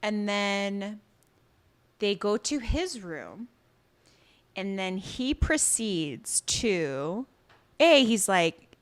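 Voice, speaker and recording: Woman, podcast co-host, casual recap, lively pitch, acts out lines. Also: extremely slow, pauses often. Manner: animated storytelling, acts out characters' lines.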